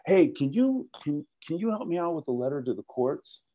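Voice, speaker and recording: A man voicing a brash, overfamiliar man in recovery who jokes loudly and pushes in. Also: on the high side, very animated, moderate pace, lo-fi sound, pitched above the performer's own voice. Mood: boisterous. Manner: loud, pushy, joking.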